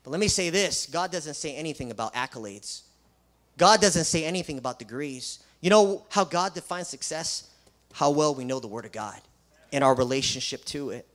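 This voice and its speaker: A man's voice: on the high side, lively intonation, normal speed, fairly bright tone. A man who is a Christian school principal, preaching an emphatic sermon full of rhetorical questions and sarcastic asides.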